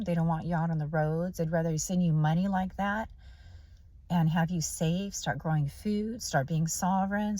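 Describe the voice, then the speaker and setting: A woman's voice: on the low side, darkish tone, no room sound. A woman vlogger delivering a blunt, preachy, profanity-laced ranting monologue. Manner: blunt, swears constantly, preachy.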